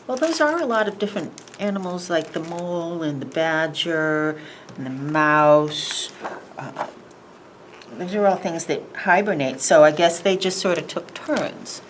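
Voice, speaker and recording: A woman librarian reading a picture book aloud at a preschool storytime, animated and sing-song, asking the children questions. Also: on the low side, unhurried, slight background noise, low-quality recording.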